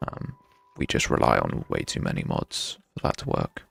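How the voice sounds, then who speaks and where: With faint music in the background, a young man streams a game and chats loosely, narrating his thoughts with a dry, self-deprecating edge. He talks at a moderate pace in a fairly bright tone.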